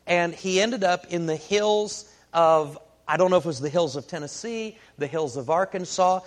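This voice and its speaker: A man preaching a sermon, telling a folksy story in an unhurried way with many fillers. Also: high voice.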